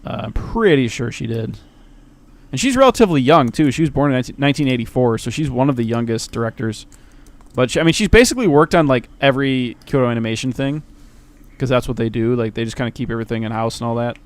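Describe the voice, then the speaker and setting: A man's voice: medium pitch, animated, quick pace. A man rambling in casual podcast chat as a host, hesitant and self-deprecating, often breaking into laughs.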